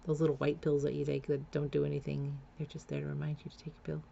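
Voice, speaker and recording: A woman recounts her own past in a candid, confessional way. Her voice sits low and carries a gravelly edge, and the recording sounds dull and lo-fi. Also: monotone, fast talker, mellow, slight background noise. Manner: frank, confessional, blunt. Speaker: memoir storyteller. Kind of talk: candid personal storytelling.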